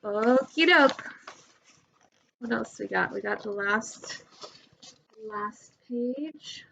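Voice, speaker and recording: A young adult woman teaching a remote poetry lesson, talking slowly and clearly and spelling words out for her students. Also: fairly high pitch, sharp tone, slight background noise, poor audio.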